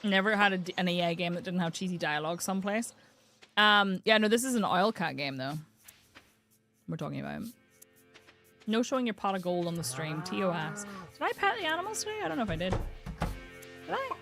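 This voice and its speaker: A woman's voice: lowish voice, expressive, brisk, long pauses. Chatty woman streaming a farming game. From United Kingdom. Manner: chatty, thinks aloud, coos brightly at game animals. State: has the hiccups. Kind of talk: casual live-stream gameplay chat. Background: game music.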